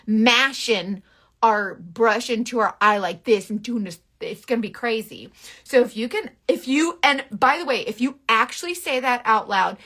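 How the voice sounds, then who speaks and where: Speaking to the camera in a makeup tutorial, this influencer has a bright voice with a twang, sitting slightly high. She comes across frank and playfully bossy, with quick asides as she works.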